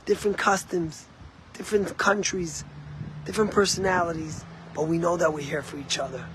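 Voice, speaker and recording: Man, rabbi, sermon; fairly high-pitched, impassioned, climbs to emphatic peaks. Faint room hum and passing traffic under the voice. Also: steady tone, normal speed, a bit bright, rough recording. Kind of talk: sermon with storytelling.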